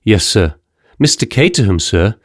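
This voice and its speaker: A respectful young male envoy, voiced by a man reading an audiobook speaks with careful deference. The voice sits low and sounds dry and close. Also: animated, normal speed, dry recording. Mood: grave, respectful. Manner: deferential, keeps saying sir.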